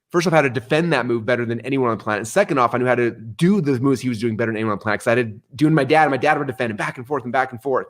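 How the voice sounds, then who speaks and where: A middle-aged man telling stories in an interview, energetic and animated, acting out the voices he quotes. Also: medium pitch. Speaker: guest. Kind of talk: storytelling interview answer.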